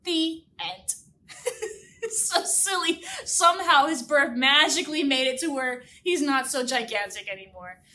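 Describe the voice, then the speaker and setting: A woman plays a music teacher telling a silly children's story, animated and full of sung sound effects and big exclamations. Her voice sits high, she speaks a little slowly, and she's far from the mic.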